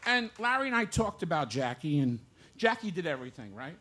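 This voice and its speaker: A man's voice: on the high side, sing-song, brisk, a crowd in the background. A male impressionist bantering playfully on a small cabaret stage, with joking asides. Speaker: impressionist performer. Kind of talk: live stand-up banter. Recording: live club with faint room noise.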